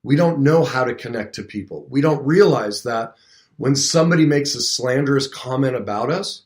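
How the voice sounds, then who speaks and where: A man's voice: medium pitch, moderate pace. A man in his fifties hosting a coaching talk show, speaking conversationally and acting out little dialogues with a lifted voice. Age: 50s. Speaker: radio show host and coach. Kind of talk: motivational talk. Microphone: streamed talk show mic, also seen on video.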